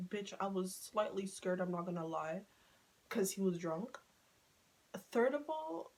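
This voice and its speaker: A woman talks straight to her followers in a casual storytime. Her delivery is animated and full of swearing, and she keeps acting out the lines of the people in her story. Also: fairly high pitch, rough recording. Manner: animated, swears freely, laughing, acting out quotes. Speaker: storytime vlogger.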